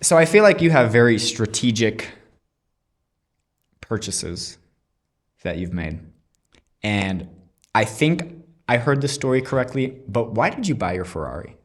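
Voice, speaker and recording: A man hosting an interview who tells stories excitedly, swears casually and stresses his punchlines. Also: mid-range voice, measured pace, long pauses. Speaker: podcast host.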